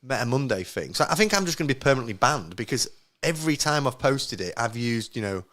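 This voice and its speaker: A man, co-hosting a casual podcast and telling rambling stories with quick restarts. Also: medium pitch, sing-song, fairly bright tone. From northern England. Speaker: podcast co-host.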